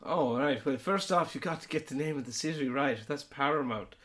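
A man's voice: on the high side, a little fast, a bit bright. Teasing, playfully outraged man. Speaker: host. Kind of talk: casual comedic chat.

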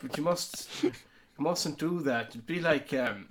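A man's voice: fairly high pitch, a little slow, heavy background noise. A man hosting a casual comedic chat, teasing his guest with mock outrage. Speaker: host.

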